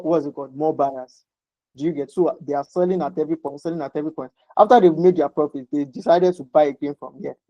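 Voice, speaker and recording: Guy teaching trading, says stuff twice, asks do you get, slightly high mellow voice, lo-fi dull audio. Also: no room sound. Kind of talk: informal explanation lesson. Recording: dull lo-fi sound.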